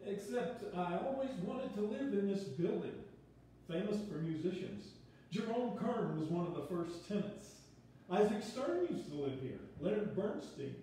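A man's voice: high voice, very animated, moderate pace, warm tone, a little hiss or hum. A man playing an awkward, dry-witted successful composer in a play reading, hesitating with fillers. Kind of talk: reader's theater play reading. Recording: echoey room, far from the mic.

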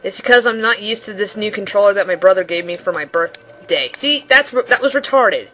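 A young woman commenting on her own gameplay, excitable, yelping and laughing at the game. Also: medium pitch, a little fast, rough recording. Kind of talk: let's play commentary.

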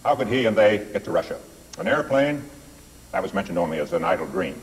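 Low, dry-witted older male documentary narrator. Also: lively intonation, slightly rough, rough recording. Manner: measured, dry and wry. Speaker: documentary presenter.

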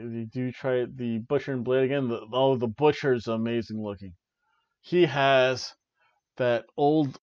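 A man casually reviewing wrestling as a podcast co-host, with an enthusiastic, rambling delivery full of restarts. His pitch sits in the ordinary middle range. The recording is dry and a bit dull. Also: dry recording. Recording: dry, slightly muffled home recording.

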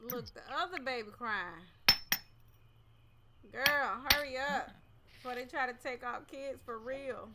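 A woman's voice: fairly high pitch, normal speed, background noise. A young woman casually commenting on her life-sim game as she plays, chatty and scolding her character. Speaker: gaming channel host. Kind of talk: casual let's-play commentary. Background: game music.

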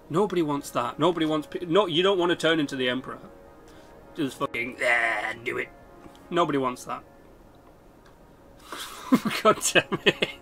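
Playing through a game, a man offers loose let's-play commentary for his gaming channel, cursing frequently and making jokes at his own expense as he rambles on. He sounds slightly high-pitched, bright, and forceful.

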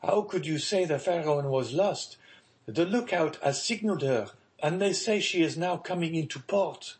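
A man's voice: on the high side, moderate pace, pitched above the performer's own voice, natural voice. A man reading an audiobook, voicing an eager young son who speaks urgently and insistently.

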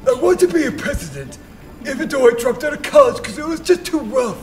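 A man putting on a high, whiny voice for a dim young college dropout who dreams of being president, laughing between lines. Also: sing-song, brisk, darkish tone. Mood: goofy. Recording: music in background.

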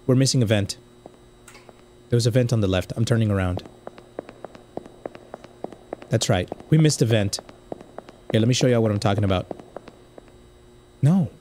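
A young man from the United States commenting casually on a game he plays, swinging from quiet muttering to loud outbursts. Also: medium pitch, a little hiss or hum. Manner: excitable, swings from muttering to yelling. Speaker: gaming streamer.

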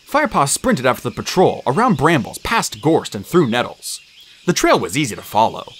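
A man reading a children's fantasy novel aloud in an expressive, animated way. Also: mid-range voice, moderate pace, slightly rough. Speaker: audiobook narrator. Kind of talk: storybook reading.

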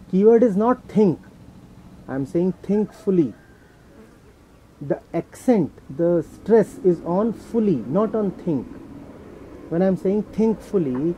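A man's voice: high-pitched, mellow. A man from India with an Indian accent, a spiritual teacher answering a question at a talk, emphatic and repeating key words. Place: talk venue indoors. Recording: dull audio with faint noise.

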